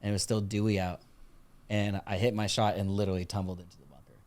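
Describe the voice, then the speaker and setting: A man's voice: fairly low pitch, flat delivery, fast, darkish tone. A young man appearing as a podcast guest, chatting in a jokey way and chuckling as he talks. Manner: jokey, chuckles while talking. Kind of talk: casual chat.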